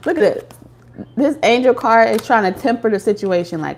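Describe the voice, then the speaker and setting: A woman's voice: fairly high pitch, animated, a little fast, slight background noise. Blunt, slangy woman reading tarot. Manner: blunt, slangy and profane, with laughs. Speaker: tarot reader. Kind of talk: casual tarot reading to viewers.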